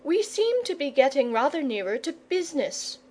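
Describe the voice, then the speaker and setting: A woman's voice: sits high, very animated, a little mellow, pitched above the performer's own voice. A woman voicing an eager, bossy young boy in a storybook reading. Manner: brisk and impatient.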